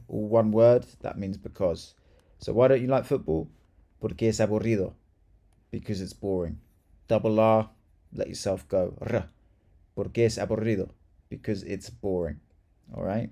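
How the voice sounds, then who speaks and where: Brief: male language tutor, mellow, gravelly, chatty and upbeat. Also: lowish voice. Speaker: Spanish teacher. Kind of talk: casual video lesson.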